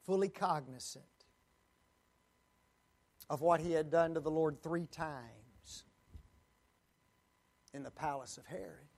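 Man, preacher, sermon, high-pitched, slow deliberate delivery, dramatic. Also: creaky, a little mellow. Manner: slow, dramatic, acts out quoted pleas.

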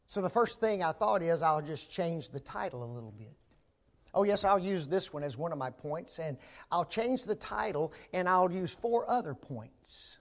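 A male preacher delivering a sermon in a fairly high voice, taking his time over each phrase. He climbs to loud, emphatic peaks, then drops to a hushed near-whisper. He keeps asking the congregation rhetorical tag questions. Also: very animated, a little slow, gravelly.

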